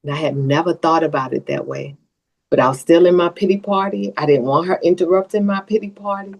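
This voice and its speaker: A woman's voice: lowish voice, brisk, dull audio. A woman guest on a podcast, telling a personal story in an earnest way that turns tearful at times. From Southern US.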